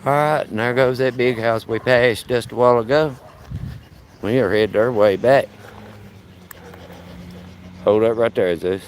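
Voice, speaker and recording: Walking his dog along a neighborhood street, a man in his 50s chats casually on a live stream, talking to the dog in a folksy, joking way. His medium-pitched voice moves a little slowly with long pauses, over slight background noise and faint outdoor ambience.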